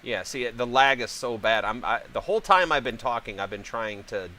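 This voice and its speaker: A man's voice: medium pitch, normal speed, bright, forceful tone, a little hiss or hum, rough recording. A man chatting casually while streaming a game, blunt and profane, joking about being a dad. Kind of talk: casual rambling chat while gaming.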